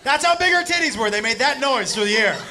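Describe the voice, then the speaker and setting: A man doing stand-up, telling a story in a loud, profane, excitable way to a live crowd. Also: very high voice, quick pace. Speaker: stand-up comedian. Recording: live stand-up clip with audience laughter and noise. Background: audience laughing.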